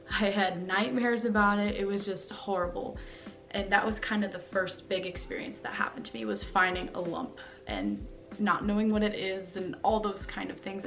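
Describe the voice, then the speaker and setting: Young woman, vlogger, mid-pitched, rambling candid talk to camera at home, faint music under it. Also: vocal fry, a bit bright. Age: young adult. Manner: rambling and candid, with many fillers. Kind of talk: personal vlog talking to camera. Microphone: camera mic, talking to camera.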